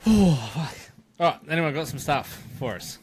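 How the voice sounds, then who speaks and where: Joking man, raised pitch. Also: animated, background noise. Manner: crude joking, quick to laugh. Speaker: podcast co-host. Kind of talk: casual banter.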